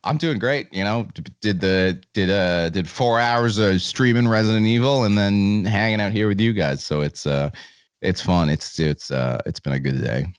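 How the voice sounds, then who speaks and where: A man guest telling lively stories over a remote podcast call, laughing often and swearing freely. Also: on the low side, moderate pace, clear, resonant tone, dry recording. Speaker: podcast guest, comedian and video reviewer. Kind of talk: casual storytelling chat.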